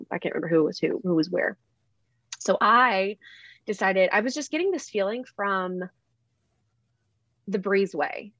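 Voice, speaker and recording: A woman's voice: on the low side, no echo. A woman, a podcast guest, telling a personal story in an earnest, rambling way, often restarting and correcting herself. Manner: earnest and heartfelt. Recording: dull, slightly lo-fi dry sound.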